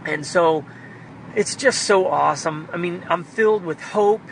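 A man's voice: sits high, measured pace, a little hiss or hum, rough recording. A man talking in an earnest, fervent, rambling way as he shares personal devotional reflections in a vlog. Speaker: believer sharing devotional reflections. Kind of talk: personal faith vlog monologue.

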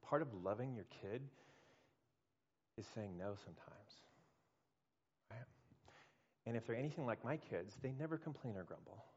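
A male pastor preaching to a congregation, his delivery rising to loud bursts and dropping to near-murmurs. He acts out the voices he quotes. The sound is a touch dull and lo-fi. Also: medium pitch, lively intonation, moderate pace, pauses often, breathy edge. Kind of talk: sermon.

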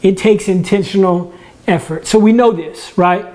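A church ministry leader preaches casually from his own home, his darkish voice sitting high at a moderate pace. He chats rather than orates, frequently restarts words and gently mocks himself.

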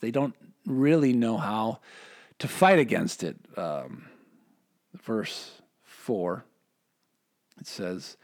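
A man's voice: medium pitch, a little mellow. A man giving a casual Bible teaching in a rambling, joking way, correcting himself often and asking rhetorical questions.

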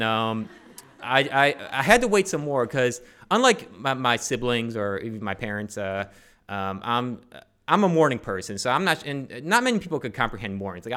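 A man's voice: medium pitch, pushed and bright, clean tone. Rambling, joking man telling a story. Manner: rambling, joking, many fillers and restarts. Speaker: storyteller on stage. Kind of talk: personal story told to a live audience.

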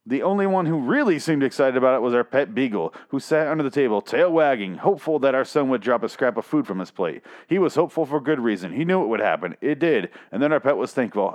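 A man's voice: mid-range voice, expressive, fast talker, few pauses. A man reading an article aloud and mocking it, sarcastic and heavily profane, often stumbling over the words. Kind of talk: profane comedic reading and commentary.

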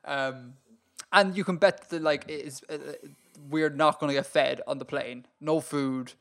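An Irish man chatting on a podcast with a slightly high voice. He rants in an animated way, trips over his words and laughs as he goes. It sounds like casual talk between friends. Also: moderate pace. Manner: animated, ranting, laughs often. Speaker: podcast co-host. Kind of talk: casual chat.

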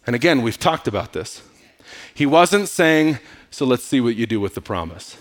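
A man preaching a sermon, swinging from loud, emphatic lines to hushed asides and playful, casual quotes. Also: mid-range voice, sing-song, normal speed. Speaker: pastor.

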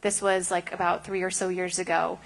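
A woman's voice: lowish voice, level tone, moderate pace, vocal fry. A middle-aged woman, a house of prayer leader, earnestly sharing testimonies in a rambling way with many fillers.

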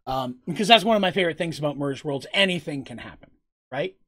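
A man's voice: fairly high pitch, animated, fast talker, sharp tone. A man running a tabletop game, rambling casually with lots of fillers and frequent laughs as he narrates and answers questions. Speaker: game master.

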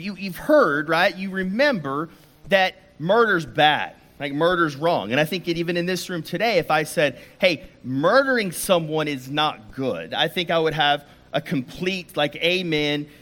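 A man's voice: on the high side, a bit bright. A man giving a sermon to a church audience, telling a personal story in a conversational way, often restarting his sentences. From United States. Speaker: preacher.

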